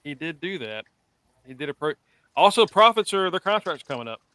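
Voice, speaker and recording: Smooth-voiced man in his forties hosting. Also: fairly high pitch, sing-song, fairly quick, pushed and bright. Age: 40s. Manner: loose, rambling, with many fillers. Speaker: podcast host. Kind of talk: casual chat.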